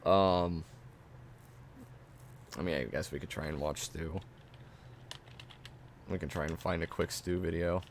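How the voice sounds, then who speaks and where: Low-voiced, profane streamer. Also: male voice, steady tone, a little slow, pauses often, a little hiss or hum. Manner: profane, reacting and laughing at a video. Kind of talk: casual stream commentary.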